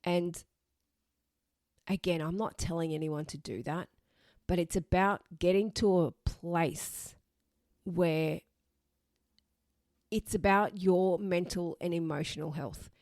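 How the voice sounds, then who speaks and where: Woman talking straight on her advice podcast, kinda low voice, repeats stuff to hammer it home, dry sound. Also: steady tone, slow, pauses often, a little mellow, no echo. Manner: blunt, emphatic, repeats for emphasis. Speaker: podcast host.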